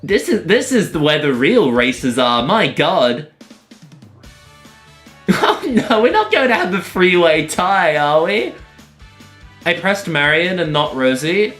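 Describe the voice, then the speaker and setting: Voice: medium pitch, big pitch swings, slow, long pauses, fairly bright tone. Live streamer; giggly, chatty commentary, faint music bed. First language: not American.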